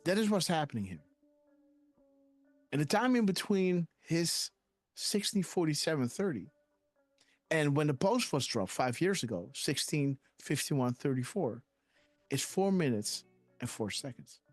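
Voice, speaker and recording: A man's voice: a little high, expressive, unhurried, long pauses, no room sound, soft background music. A man hosting a live decoding stream, rambling and hesitant, often tagging "guys, right?" onto his sentences. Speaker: host.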